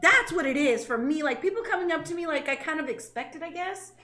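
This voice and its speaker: A woman's voice: high-pitched, lively intonation, fast talker, sharp tone, reverberant. A woman in her thirties from Southern California, co-hosting a casual podcast and talking candidly, with lots of fillers and restarts. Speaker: co-host.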